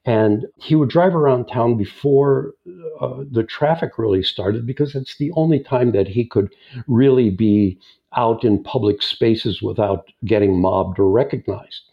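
Older male guest, gravelly, unhurried anecdote-teller, dull lo-fi recording. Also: medium pitch. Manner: unhurried, chuckling raconteur. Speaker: guest filmmaker and editor. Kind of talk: anecdotal storytelling in an interview. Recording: dull lo-fi sound.

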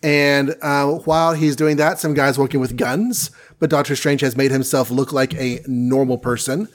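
A man's voice: mid-range voice, fairly even intonation, moderate pace. A man co-hosting a casual podcast, loosely recapping comic stories with offhand asides. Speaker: podcast co-host reviewing comics. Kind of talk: casual chat.

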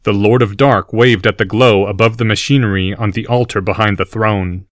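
Male narrator, audiobook: steady scripted read, fairly low voice, dry close sound. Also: normal speed, dry recording.

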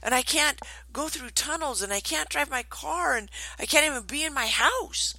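A woman's voice: high voice, animated, normal speed, bright, forceful tone, no echo, pitched above the performer's own voice, full character voice. A woman voicing an anxious female therapy client in a retold comedy skit. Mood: fretful.

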